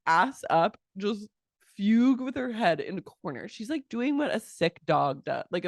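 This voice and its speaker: A woman's voice: fairly low pitch, no room sound. Woman podcast cohost telling the story with lots of acted out quotes, dry close mic. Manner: animated storytelling, acting out quotes. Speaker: podcast co-host. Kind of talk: casual chat recapping a reality show.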